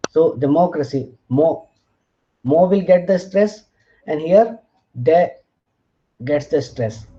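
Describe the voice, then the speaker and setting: A man's voice: high voice, dark tone. A man teaching a linguistics lecture, spelling out letters and checking in with "fine" as he moves through examples. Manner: slow, deliberate, spells out letters, frequent "fine" and "uh". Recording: slightly dull, lo-fi audio.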